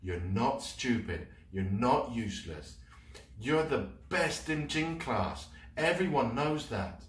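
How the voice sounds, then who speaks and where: A man's voice: mid-range voice, big pitch swings, slow pace. Man doing a brave kid hero, earnest and encouraging, echoey room. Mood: calm, encouraging. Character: young boy, brave and reassuring leader. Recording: roomy, mic at a distance.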